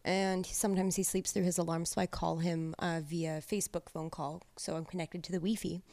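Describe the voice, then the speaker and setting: A woman's voice: on the low side, flat delivery, a little fast, mellow. A woman guest in a casual chat, candid and giggly, who laughs often.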